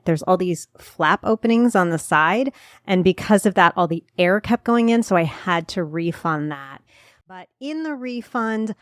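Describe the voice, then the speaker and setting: A woman's voice: fairly low pitch, no room sound. Chatty New Jersey woman, dry close mic. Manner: chatty, self-deprecating, rambling asides. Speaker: podcast host. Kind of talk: chatty local podcast talk.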